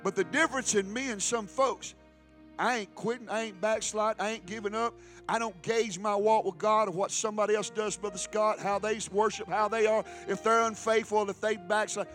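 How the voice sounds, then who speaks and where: A man pastor preaching a fiery sermon, often shouting and calling out to the congregation. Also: high-pitched, fairly even intonation, fairly quick, faint music behind. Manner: shouting, preaching with rising intensity and call-and-response.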